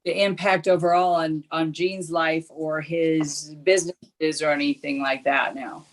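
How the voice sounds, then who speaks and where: A woman's voice: deep voice, flat delivery, a little slow. Middle-aged woman, guest, chatty storyteller, laughs often, video call. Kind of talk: casual chat.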